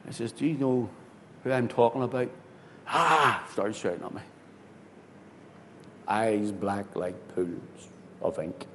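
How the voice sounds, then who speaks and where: Pastor telling a story in a hall. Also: male voice, a little slow, pauses often. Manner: animated storyteller, swings from loud to hushed. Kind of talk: sermon storytelling. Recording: hall reverb with faint rumble.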